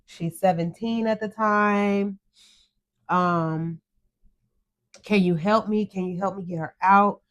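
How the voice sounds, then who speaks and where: A woman's voice: mid-range voice, steady tone, takes it slowly, long pauses, muffled recording. A middle-aged woman telling an emotional story of a crash as a podcast co-host, earnest and close to tears. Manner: earnest, tearful retelling, quotes herself.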